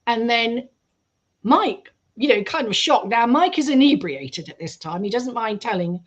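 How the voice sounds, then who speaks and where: A woman, a guest on a radio show, telling a story in a lively way and acting out the quoted voices. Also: fairly high pitch, a little slow, highs cut off. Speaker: guest researcher. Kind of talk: storytelling in an interview.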